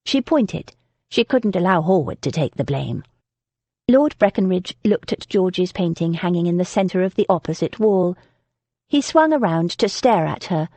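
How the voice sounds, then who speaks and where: A woman narrating a historical romance audiobook in an expressive reading style. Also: lowish voice, moderate pace, no room sound. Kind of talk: scripted narration.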